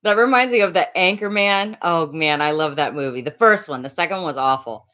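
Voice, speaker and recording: Loud fast-talking woman, muffled sound. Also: low-pitched, lively intonation. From Latin America. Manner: loud, fast, laughs often. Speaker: live streamer reading chat. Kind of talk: casual live-stream chat.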